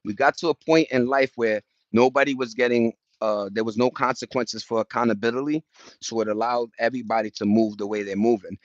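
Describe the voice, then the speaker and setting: A man's voice: medium pitch, fairly quick, no echo, dull audio. A man ranting casually on a livestream outdoors, talking to his chat in profane street slang and acting out what other people say. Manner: animated, profane street slang, acts out quotes. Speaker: livestream host.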